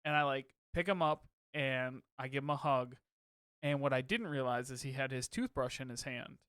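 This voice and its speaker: A man's voice: mid-range voice, moderate pace, a bit bright, clear, resonant tone, dry recording, studio quality. A man co-hosting a podcast, chatting casually and self-deprecatingly over a video call and laughing easily. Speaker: podcast co-host. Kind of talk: casual chat.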